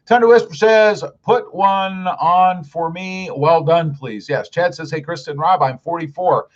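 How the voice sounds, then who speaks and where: A man's voice: a little high, a little slow, hardly any pauses, highs cut off. A middle-aged man hosting a casual live stream, reading viewer comments aloud in a friendly, upbeat way.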